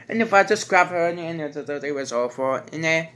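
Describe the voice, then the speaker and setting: A man giving a casual, rambling movie review, halting and restarting his sentences and stringing thoughts together with "and then". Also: fairly high pitch, lively intonation, sharp tone.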